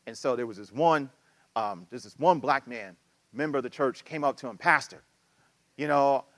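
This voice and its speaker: A man preaching a sermon as pastor, talking with a casual, animated style full of asides and acted-out quotes. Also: mid-range voice, normal speed, no echo.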